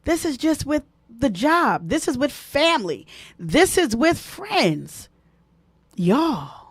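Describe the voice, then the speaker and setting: A woman hosting a live stream, giving animated, preachy advice and repeating key points for emphasis, speaking. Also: high voice, slow pace, dry recording. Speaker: host.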